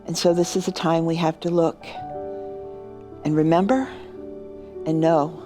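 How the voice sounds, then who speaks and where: A woman pastor sharing a personal story as a short devotional reflection, earnest and quietly emotional. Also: low-pitched, fairly even intonation, unhurried, over music.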